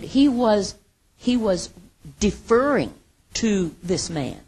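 A woman teaching from the Bible in a casual sermon, retelling the story with lively acted quotes and laughter. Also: a little high, measured pace, creaky, slightly rough.

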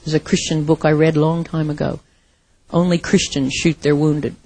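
A woman's voice: low-pitched, little pitch movement, normal speed, warm tone, breathy edge, low-quality recording. A woman pastor preaching a sermon in an earnest, heartfelt storytelling manner.

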